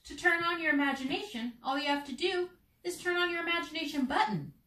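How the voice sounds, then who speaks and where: A young woman, a children's theater teaching artist, leading kids through warm-up games in a slow, encouraging, playful way. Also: sits high, reverberant, distant mic.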